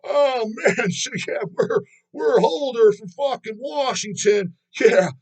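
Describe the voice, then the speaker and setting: A man's voice: very high-pitched, slow pace, pitched above the performer's own voice, exaggerated voice. A man putting on the voice of a goofy, laid-back male band frontman, mocking his airheaded stage banter.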